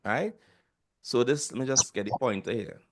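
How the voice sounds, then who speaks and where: A man with a Trinidadian accent leads an online language class. He speaks patiently and says sounds slowly so his students can repeat them after him. His voice comes through a video call. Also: mid-range voice. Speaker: language teacher.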